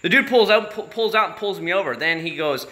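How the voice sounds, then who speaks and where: A man's voice: high voice, animated, fairly quick, pushed and bright. A man from Florida chatting casually on a livestream, telling road stories in a chatty, profane, exasperated way. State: married. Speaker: YouTube channel host.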